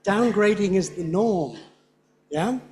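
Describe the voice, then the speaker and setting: An older man lecturing at a conference, speaking slowly and deliberately. His voice sits fairly high for a man, and he drills example phrases by repeating them. He sounds like a teacher walking an audience through pronunciation. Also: expressive, a little mellow, slight background noise. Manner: demonstrates rhythm by slow drilled repetition.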